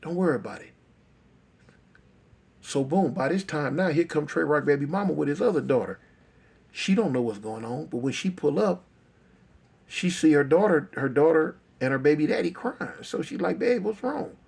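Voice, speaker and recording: Brief: male storyteller, gravelly husky voice, talks plain and repeats for effect. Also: on the high side, lively intonation, moderate pace, darkish tone. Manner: repetitive, conversational, emphatic. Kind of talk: oral street storytelling.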